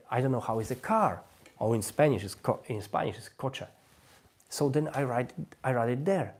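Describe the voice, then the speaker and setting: A man's voice: mid-range voice, a little mellow. Man talking through a live language tutorial. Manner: non-native English, many restarts, thinks aloud while demonstrating. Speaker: language-learning host.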